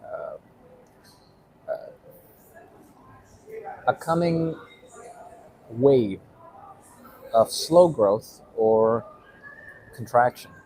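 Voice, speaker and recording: A man's voice: medium pitch, lively intonation, extremely slow, pauses often, warm tone, rough recording. A man giving a casual explainer monologue, rambling with many fillers and tagging points with "right?". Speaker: vlogger.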